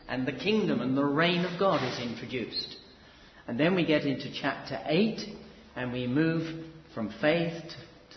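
A man preaching an expository Bible teaching in a measured, explanatory way, leaning on emphatic repetition. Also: a little high. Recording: echoey, dull hall recording with faint background noise.

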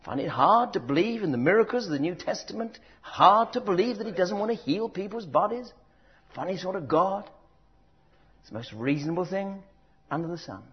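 A man delivers a sermon, his voice a touch higher than most. He booms out emphatic lines, then drops to soft, drawn-out words. The recording sounds dull and lo-fi. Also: breathy edge. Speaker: preacher.

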